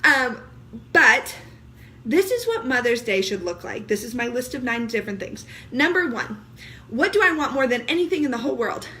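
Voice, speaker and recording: A woman in her thirties, a mother of young kids, talking casually to camera in an animated, joking way with frequent laughter. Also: a little high, normal speed, slight background noise. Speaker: vlogger.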